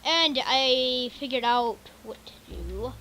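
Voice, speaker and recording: High, slow-talking woman giving playful gameplay commentary. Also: expressive, pushed and bright, slight background noise. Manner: jokey, sarcastic, narrates scenes with silly voices. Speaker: game streamer. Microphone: cheap mic.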